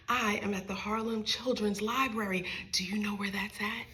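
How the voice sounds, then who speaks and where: A woman's voice: medium pitch, steady tone, moderate pace, bright, forceful tone, echoey room. A woman reading her own picture book aloud to small children in a library, playful and sing-song, talking straight to her young listeners.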